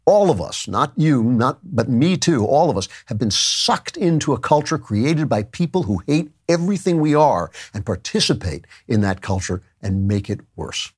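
A man's voice: mid-range voice, big pitch swings, normal speed, hardly any pauses, darkish tone, husky, soft background music. Male podcast host lecturing. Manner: conversational, lecturing with asides. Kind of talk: monologue and read ad.

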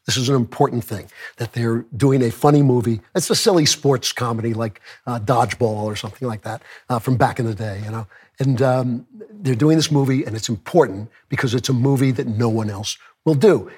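A man hosting his commentary show with a hoarse, worn voice from a cold, talking conversationally with chuckles and joking asides. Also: medium pitch, a little mellow. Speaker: podcast host. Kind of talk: opinion commentary monologue.

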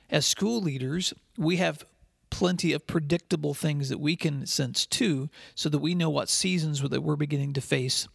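Male podcast host: earnest, measured storyteller, husky and dry. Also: on the high side, fairly bright tone, no room sound. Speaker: podcast host and school leadership speaker. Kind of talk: scripted podcast monologue with storytelling.

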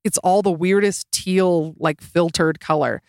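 A young woman hosting a solo podcast, talking in a sarcastic, exasperated way and jumping up in pitch for emphasis. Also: fairly even intonation, measured pace, a little mellow, dry recording, clean studio sound. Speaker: podcast host.

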